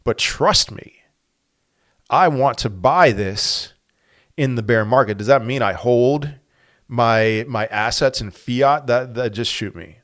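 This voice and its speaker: A man hosting a crypto channel delivers animated, conversational market commentary full of rhetorical questions. His voice is medium-pitched and his pace slow.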